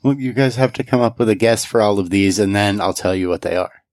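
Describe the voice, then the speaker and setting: Man, very low voice, easygoing quizmaster who spells words out. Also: fast, darkish tone. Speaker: quiz host among friends. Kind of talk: casual chat.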